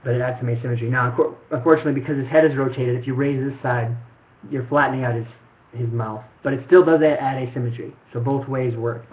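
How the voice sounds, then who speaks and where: A man's voice: medium pitch, steady tone, quick pace, low-quality recording. Man explaining an animation critique. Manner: explanatory, demonstrating, talks through ideas with restarts. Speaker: animation mentor. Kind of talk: film critique lesson.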